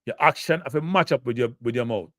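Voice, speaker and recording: A man's voice: mid-range voice, fast, fairly bright tone, dry recording, clean studio sound. A Jamaican man hosting a live football talk show, blunt and emotive, answering chat comments.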